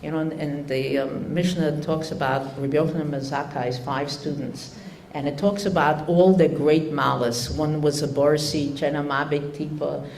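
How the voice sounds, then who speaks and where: A woman's voice: deep voice, fairly even intonation, moderate pace, few pauses, darkish tone, slight background noise. An older woman giving a religious talk to an audience, telling a story unhurriedly with many fillers and restarts. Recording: echoey room.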